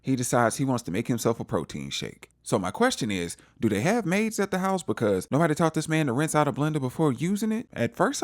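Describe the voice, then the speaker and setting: A man recapping a TV episode in a casual, animated storytelling way, acting out the characters' lines. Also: fairly low pitch, no room sound, clean studio sound. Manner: animated storytelling, acts out quotes. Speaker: TV recap vlogger.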